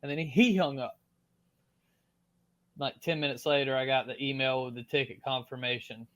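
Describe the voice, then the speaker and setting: A man from Florida with a strong Southern US accent, a podcast guest telling his story in a loose, animated way, full of fillers and casual swearing. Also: medium pitch, normal speed.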